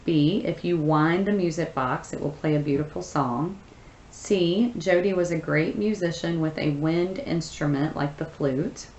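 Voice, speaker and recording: A woman's voice: sits low, a little slow, a little mellow, reverberant, lo-fi sound, slight background noise. A woman teacher who reads a short story aloud, then patiently explains the answers step by step, with many fillers.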